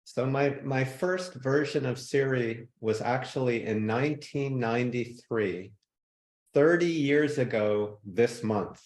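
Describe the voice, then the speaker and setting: A man guest in a podcast interview, telling relaxed stories and now and then mimicking people. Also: mid-range voice, slow pace, reverberant. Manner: relaxed, laughs easily, mimics people in anecdotes. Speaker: guest, tech innovator. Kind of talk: conversational interview storytelling.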